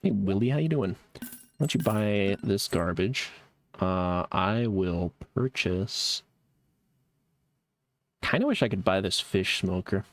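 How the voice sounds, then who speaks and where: A man's voice: fairly low pitch, sing-song, normal speed, vocal fry. A young man streaming a game live, chatting casually with a sarcastic, laid-back manner and frequent laughs while reacting to chat.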